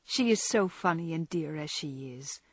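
A woman reading the part of a gentle, shy teenage girl in a storybook, speaking softly and tenderly. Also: sits low, lively intonation, moderate pace, husky, dry recording, exaggerated voice.

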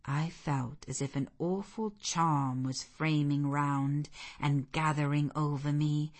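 An audiobook narrator with a low voice reads a classic novel in scripted literary narration. Her storytelling is measured and expressive.

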